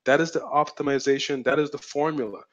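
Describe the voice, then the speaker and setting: A man's voice: on the high side, steady tone, quick pace, lo-fi sound. A man teaching a live webinar as a marketing coach, emphatic and repetitive, asking rhetorical questions, his voice wearing out. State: losing his voice.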